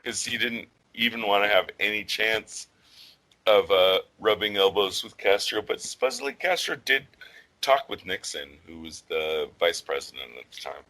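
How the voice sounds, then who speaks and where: Bright-voiced man chatting casually. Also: lowish voice, moderate pace, rough recording. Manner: rambling, filler-heavy, swears casually. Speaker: podcast co-host. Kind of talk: casual podcast discussion.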